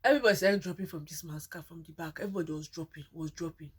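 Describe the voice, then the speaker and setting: A woman's voice: deep voice, racing, background noise. A young woman with a Nigerian accent telling a personal story in a casual, dramatic way, often repeating herself for emphasis. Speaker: vlogger.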